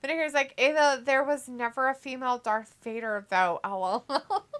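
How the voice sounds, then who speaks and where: A livestream co-host reads viewer comments aloud during a casual watch-along, giggly and playful, swearing loosely. Her voice is high-pitched and fairly bright, clean in tone, at a normal speed.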